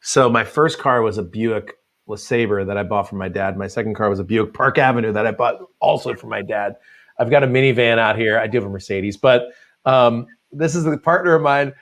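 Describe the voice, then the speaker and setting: A man's voice: on the low side, a little fast, fairly bright tone. A man hosting a live online show, chatting casually, laughing and telling rambling side stories. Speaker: host.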